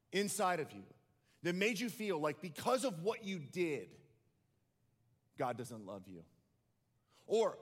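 A male pastor preaches a sermon, telling a story and then pressing his listeners with passionate questions. His voice sits fairly high. A long reverb from a large hall follows his words.

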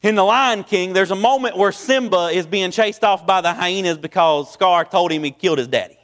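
Folksy preacher with a high voice. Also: male voice, normal speed, a bit bright, in a large hall. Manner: folksy, repeats phrases and restarts often. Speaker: pastor. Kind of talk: sermon.

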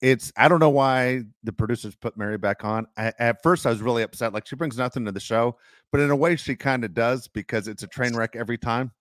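A man's voice: mid-range voice, a little fast, dry recording. A man co-hosting a podcast in casual chat, chatty and often stammering and repeating words. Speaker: podcast co-host.

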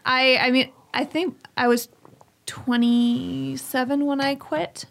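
A woman telling work stories in a relaxed, chatty conversation. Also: high-pitched, slow, gravelly. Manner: chatty storytelling with laughs. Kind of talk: casual chat.

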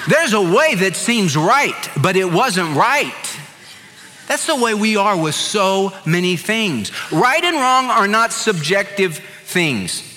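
A middle-aged man preaches a sermon in a church sanctuary, his voice high and bright. He swings all over his range, acting out the people in his stories. Long reverb trails behind his words. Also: slow, a little hiss or hum. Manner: animated storytelling with acted-out quotes. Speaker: pastor.

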